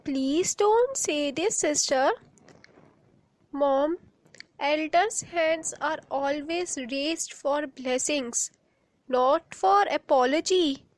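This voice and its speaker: A woman voicing a gentle, devout little girl who speaks slowly and earnestly. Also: high-pitched, no echo. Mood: tender.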